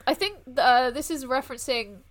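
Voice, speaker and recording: A woman's voice: high voice, animated, normal speed. A young woman co-hosting a casual podcast, chatty and laughing often as she reads plot summaries aloud. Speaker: podcast co-host. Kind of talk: casual chat.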